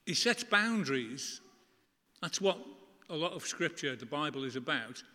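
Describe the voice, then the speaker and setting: A middle-aged man preaches in an earnest, conversational way, leaning on emphatic pauses. His voice sits a little high and rings bright and forceful. A long church reverb trails after each phrase. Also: expressive. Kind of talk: sermon.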